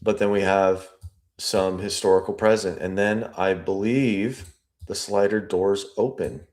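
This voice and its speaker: A man analyzing an interview transcript, reading lines aloud and musing over them deliberately. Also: deep voice, fairly even intonation, darkish tone. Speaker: statement analyst.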